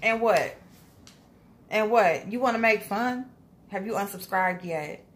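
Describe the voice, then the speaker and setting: A woman's voice: medium pitch, measured pace, a bit bright, slight background noise. A young woman, giving a blunt, scolding, profane commentary rant in a casual vlog. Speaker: commentary vlogger.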